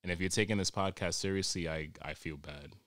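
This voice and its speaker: A man's voice: deep voice, fairly quick, a bit bright, dry recording, clean studio sound. A man hosting a podcast, ranting in a rambling, crude, exasperated comic monologue, recorded at home. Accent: New York. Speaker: podcast host. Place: home during quarantine.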